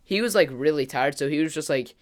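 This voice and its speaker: A man's voice: fairly high pitch, animated. A man telling a casual storytime to his camera as a gaming vlogger, rambling with lots of "like" and "kinda" fillers. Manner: acts out friends' lines in quick quotes.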